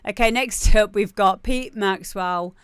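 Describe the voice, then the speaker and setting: A chatty young woman hosts a music stream, her voice smooth and clear at a middle pitch. She talks casually and jokes with her listeners, now and then breaking into a loud shout. The sound is dry and close, with no room around her. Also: a little slow, no room sound. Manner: chatty, jokey, bursts into loud shouts when mimicking. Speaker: radio show host playing listener demos. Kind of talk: casual live-stream chat.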